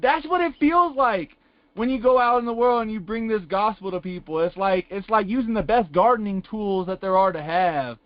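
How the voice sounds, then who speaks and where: High-voiced man rambling on a lo-fi call. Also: moderate pace, dry recording. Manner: rambling, colloquial, repeats "it's like". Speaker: class participant. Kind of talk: casual testimony on a call-in Bible class. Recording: dull lo-fi conference call line.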